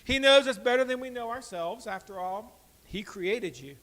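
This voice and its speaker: A man preaching a sermon as pastor, swinging between loud emphatic lines and quiet asides, asking the congregation direct questions. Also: very high voice, normal speed, poor audio.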